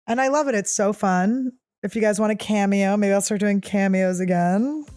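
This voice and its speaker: A woman's voice: medium pitch, normal speed, a little mellow, soft background music. A woman in her thirties hosting a solo podcast, telling rambling, profane, jokey stories in a casual chat. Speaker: podcast host.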